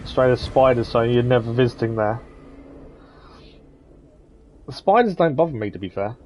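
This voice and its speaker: A man's voice: medium pitch, animated, moderate pace, darkish tone, lo-fi sound, slight background noise. A man hosting a live gaming stream, chatting casually with viewers and commenting on the game. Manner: chatty, friendly, reads chat aloud, says "to be fair" often.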